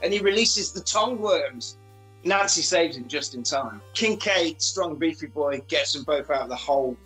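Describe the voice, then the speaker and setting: A man with a high, bright voice recaps a film in a casual, comic way. He talks animatedly and swears freely. He keeps slipping into silly voices for the characters, over a bed of faint music. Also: moderate pace, low-quality recording. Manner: animated, sweary, acts out lines in funny voices. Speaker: podcast host recapping a film.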